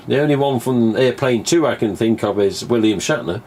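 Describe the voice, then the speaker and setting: On his live stream, an English man rambles casually at a moderate pace in a medium-pitched, a little mellow voice, with slight background noise behind him. He swears freely and plays out conversations from memory.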